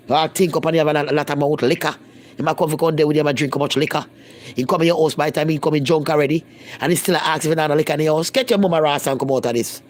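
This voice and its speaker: A woman's voice: deep voice, darkish tone. A Jamaican woman talking bluntly to viewers in a casual live-stream chat, speaking in patois and repeating herself for emphasis. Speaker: vlogger.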